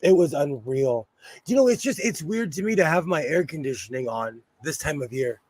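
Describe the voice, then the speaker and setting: A middle-aged man from Pennsylvania hosting a casual sewing livestream, chatting to viewers and laughing often, slightly hoarse and under the weather. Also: fairly high pitch, lively intonation, fairly quick, no room sound. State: slightly hoarse, feeling unwell. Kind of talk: casual live-chat while sewing.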